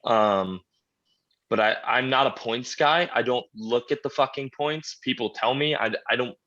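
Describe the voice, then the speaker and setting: A man's voice: medium pitch, a little slow, pushed and bright, highs cut off. A man talking as a podcast guest in casual chat, blunt and laid-back, swearing freely as he tells his story. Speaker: podcast guest, strongman champion.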